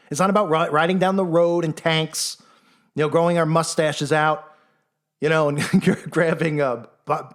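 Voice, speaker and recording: Sarcastic male commentator, fairly high voice, animated monologue. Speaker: online commentator.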